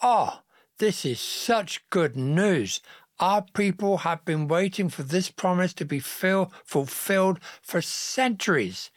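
A man's voice: fairly high pitch, very animated, slow, long pauses, slightly rough, dry recording, clean studio sound, pitched above the performer's own voice, heavily acted. A man voicing an earnest young betrothed man who asks rising, urgent questions in a Bible story. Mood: awed.

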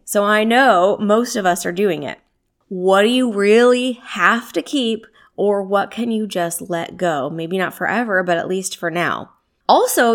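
A woman at an ordinary mid pitch teaches about self-care in a loose, chatty way. She keeps checking in with listeners through rhetorical questions and a quick "right?", and laughs easily along the way. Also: gravelly. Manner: conversational, with frequent rhetorical questions and tag "right?"; laughs easily while speaking. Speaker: wellness coach. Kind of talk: self-help teaching talk.

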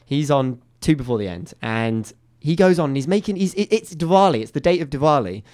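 A comedian telling animated anecdotes as a guest in a radio studio. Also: male voice, a little high, a little fast, smooth. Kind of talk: storytelling on a radio chat show.

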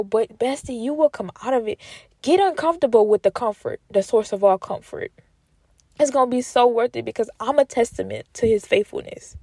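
Tender, emotional woman speaking soft affirmations. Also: a little high, no room sound. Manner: tender, repeats lines slowly, drops to whispers. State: emotional, near tears. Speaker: Christian encourager speaking to viewers. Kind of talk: emotional faith talk with affirmations.

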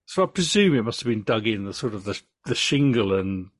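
An English man hosting a podcast, reading case notes in a true crime story with relaxed asides. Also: fairly low pitch, brisk, no echo.

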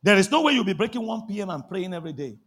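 A man, preaching a sermon with shouted bursts and drawn-out emphasis. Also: sits high, very animated, slightly rough. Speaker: pastor.

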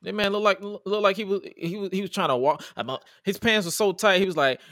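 Animated and profane, a man co-hosting a wrestling podcast talks casually and acts out quotes. His voice sits high and fairly quick, and the recording is dry and studio quality.

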